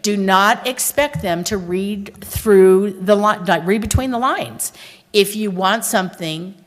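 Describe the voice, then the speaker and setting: A woman's voice: mid-range voice, slow. Middle-aged woman joking in a big hall. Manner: joking, storytelling, addresses the audience directly. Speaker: conference speaker. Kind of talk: humorous talk to an audience. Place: large conference hall. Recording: long hall reverb.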